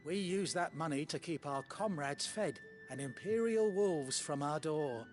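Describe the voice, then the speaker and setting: An earnest male vineyard keeper in a fantasy game, thanking a hero for his help. His voice sits somewhat high, and soft music plays beneath it. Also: expressive, measured pace. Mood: grateful. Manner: earnest, courteous.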